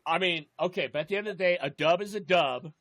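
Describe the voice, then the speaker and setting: A man's voice: sits high, fast talker, a bit bright, no echo. A young man telling a rambling, swear-heavy story in casual chat as a podcast co-host.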